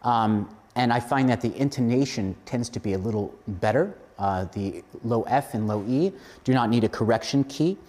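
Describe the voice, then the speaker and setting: Man, clarinetist, calm, technical explanation. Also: medium pitch, normal speed, few pauses. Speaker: clarinetist giving feedback. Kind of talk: explanatory spoken review.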